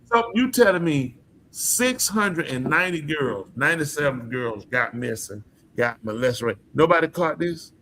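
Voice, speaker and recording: A man's voice: a little high, lively intonation, a little slow, fairly bright tone, slight background noise. A man hosting a podcast, talking in a casual, emphatic and preachy way, often asking his listeners questions. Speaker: podcast host. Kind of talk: casual opinion talk.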